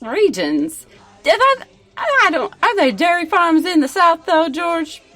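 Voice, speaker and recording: A woman with a high, bouncy voice teases her partner and plays along with the comedy bit. Her pitch swings widely as she talks. The recording is dry and close, with no room sound. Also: big pitch swings, unhurried, fairly bright tone, no room sound, faint music behind. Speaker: podcast co-host. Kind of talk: improvised comedy chat.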